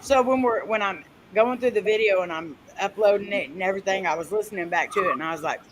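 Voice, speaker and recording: A woman hosting a casual live-stream panel, chatty and quick to laugh as she tells stories. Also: medium pitch, slight background noise, low-quality recording. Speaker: host.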